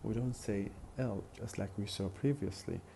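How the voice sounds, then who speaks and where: Low, gravelly male lecturer, slow and deliberate. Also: mellow, a little hiss or hum. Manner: slow, deliberate explaining, repeating example phrases, often hesitating with "uh". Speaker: phonetics lecturer. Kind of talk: recorded university lecture.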